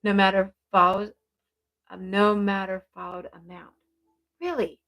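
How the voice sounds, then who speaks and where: A middle-aged woman working as a medium on a live stream, chatting warmly with many fillers and restarts. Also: mid-range voice, level tone, a little slow. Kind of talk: live-stream reading and chat.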